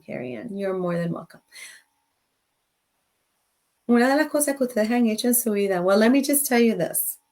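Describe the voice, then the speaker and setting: A middle-aged woman hosting a live show, chatting with viewers and telling stories, switching between English and Spanish as she laughs along. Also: medium pitch. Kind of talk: casual bilingual live-stream chat.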